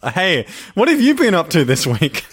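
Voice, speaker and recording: A man's voice: sits high, wildly swooping pitch, unhurried, breathy edge. A man co-hosting a comedy podcast, musing playfully in a mock-earnest way and laughing as he talks. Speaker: podcast co-host. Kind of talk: casual comedic chat.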